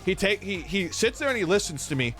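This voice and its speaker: A man with a fairly high voice talks as he streams a game, telling a long story in a loose, rambling way. He swears freely and keeps saying "dude" and "like". Game music plays faintly behind him. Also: very animated, fairly quick, a bit bright. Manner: profane, rambling, peppered with "dude" and "like". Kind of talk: casual storytelling while gaming.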